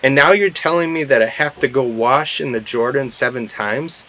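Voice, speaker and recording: A man's voice: mid-range voice, normal speed, pushed and bright, lo-fi sound, close to an everyday voice. A man voicing an indignant, proud army commander who fires off heated, exasperated rhetorical questions.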